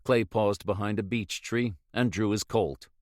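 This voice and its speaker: A man reading a novel aloud in measured, even scripted narration. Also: on the low side, no room sound, studio quality. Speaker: audiobook narrator.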